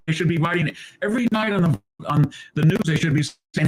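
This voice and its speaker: A man giving opinionated political commentary, animated and stammering, often mimicking his opponents. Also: on the high side, quick pace, few pauses, slight background noise.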